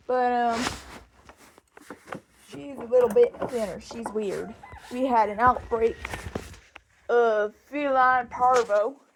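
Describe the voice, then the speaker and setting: A young woman with a high voice and a put-on Southern drawl talks slowly and casually as she walks around outdoors. She is a little out of breath, and faint noise sits under her voice. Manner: chatty, coos at animals in a high baby voice. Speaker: farm vlogger. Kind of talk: casual walk-and-talk farm vlog. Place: outdoors on a farm.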